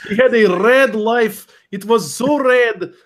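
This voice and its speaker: A man putting on a mock Russian accent in broken English, playing a deadpan stereotyped Russian man as a joke in a casual chat. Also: very high-pitched, voice pushed up. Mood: deadpan boasting. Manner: slow, exaggerated broken English. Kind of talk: comic impression in casual chat.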